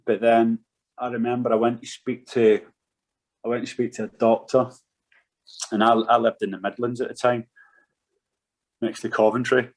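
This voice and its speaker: A man's voice: medium pitch, level tone, moderate pace, pauses often, poor audio. A man in his thirties, a podcast guest and former footballer, telling his story candidly and frankly, swearing freely.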